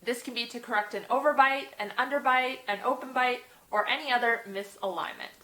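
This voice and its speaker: A woman's voice: a little high, fairly quick, pushed and bright, reverberant, rough recording. A young woman vlogging to camera in a casual way, with a slight lisp from new braces. She sounds nervous and sighs and laughs between phrases. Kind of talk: casual vlog talk to camera.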